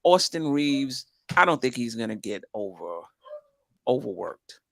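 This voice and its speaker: A man co-hosting a casual sports podcast, reading out a list of names in a plain, steady way. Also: medium pitch, unhurried, creaky, no room sound, clean studio sound. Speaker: podcast co-host.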